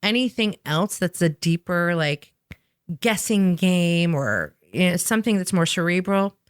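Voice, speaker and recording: She speaks at a measured pace in a smooth, expressive voice on the low side, with clean, dry studio sound. A sales trainer formerly in improv, she gives an energetic, emphatic conversational podcast explanation, often capping points with "right?"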